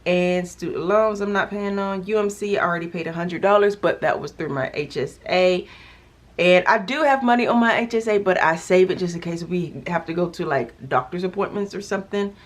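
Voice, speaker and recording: Chatty young woman, slightly low voice. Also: brisk. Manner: chatty, exasperated, lots of fillers. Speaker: vlogger. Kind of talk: casual chat.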